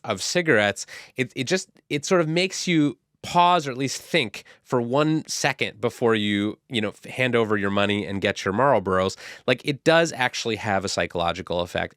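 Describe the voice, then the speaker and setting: Male podcast co-host, low and dry studio sound, hedging delivery. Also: fairly bright tone, no room sound. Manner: hedging, many "like" fillers. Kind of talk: casual tech podcast chat.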